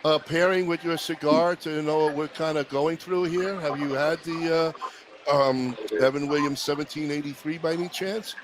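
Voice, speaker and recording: Teasing high-voiced guy, crowd loud in the back. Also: fairly even intonation, normal speed, low-quality recording. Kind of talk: casual banter.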